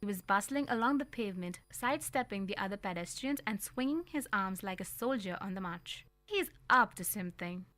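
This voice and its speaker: A woman reading a storybook aloud on community radio, telling it in an expressive, lively way. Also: medium pitch, fairly quick, few pauses, no room sound. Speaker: story reader.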